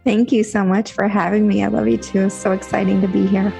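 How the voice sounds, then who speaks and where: A woman guest on a podcast, telling stories in a chatty, animated way. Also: mid-range voice, fairly quick, creaky, soft background music. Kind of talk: casual chat.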